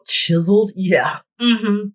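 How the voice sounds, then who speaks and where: On a rough recording, a beauty vlogger speaks slowly at a medium pitch. She shares a get-ready-with-me storytime full of blunt swearing while doing her hair and makeup.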